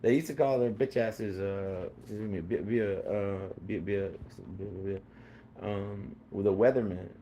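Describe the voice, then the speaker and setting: A man's voice: fairly low pitch, fairly even intonation, normal speed, warm tone, a little hiss or hum. A man talking in a rambling casual monologue, full of fillers, restarts and repeated phrases.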